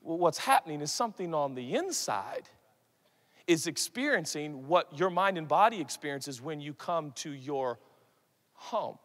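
Male pastor, 30s, high bright voice, animated stage sermon with shouts and hushed asides. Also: a little slow. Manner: animated, shifts from loud shouts to soft asides, acts out quoted voices. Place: large conference hall. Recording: long hall reverb.

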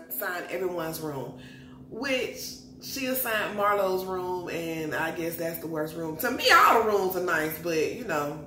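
A woman recapping a reality show in an animated, slangy, gossipy way. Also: lowish voice, a little hiss or hum. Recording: echoey room.

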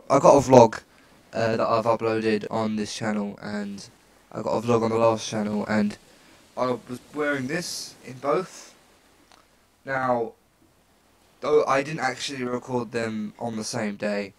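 A man's voice: medium pitch, darkish tone. A man commenting casually on a game as he plays, reading its lines aloud and adding joking, self-mocking asides in a chatty, rambling way. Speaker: let's player.

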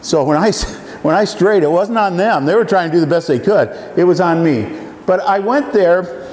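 A man's voice: fairly high pitch, a little mellow. Older man telling stories in an echoey hall. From Iowa. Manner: folksy, halting with many fillers. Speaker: speaker. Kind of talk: storytelling talk to an audience. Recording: echoey hall, faint room noise.

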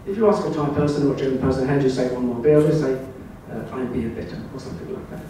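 An older man from England giving a slide presentation at a club, telling wry, anecdotal stories in a relaxed way. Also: mid-range voice, racing, distant mic, a little hiss or hum. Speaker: club speaker. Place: club meeting room. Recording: very echoey room, voice heard from afar.

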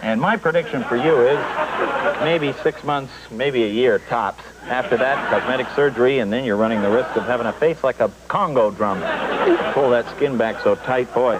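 A man's voice: mid-range voice, normal speed, heavy background noise, close to an everyday voice. An actor playing a blunt, rambling male show business advisor who hosts a talk show in a sketch comedy, talking in a gloomy, insulting way. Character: blunt tactless middle-aged male showbiz advisor.

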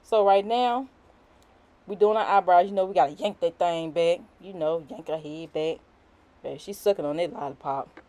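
A woman's voice: fairly low pitch, normal speed, mellow. A young woman doing a casual, unscripted voiceover for a wig install tutorial. She talks in chatty slang, full of "you know" and "y'all", and keeps breaking off to giggle and apologize out of nerves.

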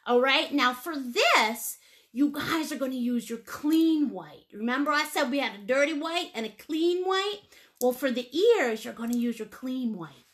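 A woman's voice: high voice, expressive, normal speed, a bit bright. A woman teaching a live painting lesson step by step, playful and chatty, with sing-song asides. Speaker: painting instructor.

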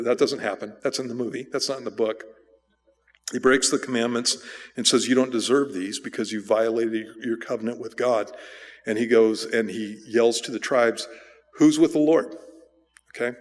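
A man, a pastor, giving a casual, conversational sermon full of restarts and asides. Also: medium pitch. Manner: casual, rambling with restarts and fillers. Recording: church hall with long reverb.

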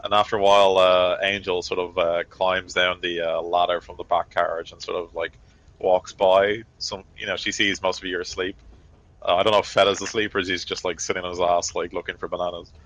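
A man's voice: sits low, flat delivery, brisk, fairly bright tone, poor audio. A man acting as game master, narrating a tabletop game in loose, rambling sentences full of fillers.

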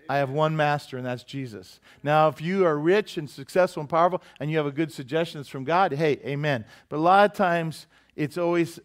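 A male pastor giving a lively sermon, often asking the congregation questions and acting out quotes with sudden shouts. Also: medium pitch. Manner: animated preaching with call-and-response asides to the congregation.

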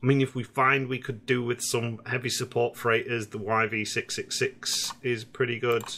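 Chatty gamer, bright voice. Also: male voice, mid-range voice, little pitch movement, moderate pace. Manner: rambling, hesitant, chatty. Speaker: gaming streamer. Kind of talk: casual let's-play commentary.

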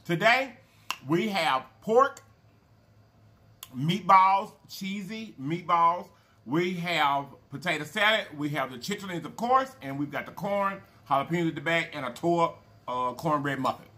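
A man's voice: on the high side, lively intonation, a little slow, bright, forceful tone. A man hosting a casual eating show, folksy and chatty, calling viewers y'all and baby and humming over his food. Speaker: mukbang channel host.

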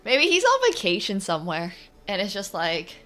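A woman streaming her online chess games, talking through the moves and swinging from quiet muttering to loud outbursts. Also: medium pitch, wildly swooping pitch, moderate pace. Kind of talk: live commentary while playing online chess.

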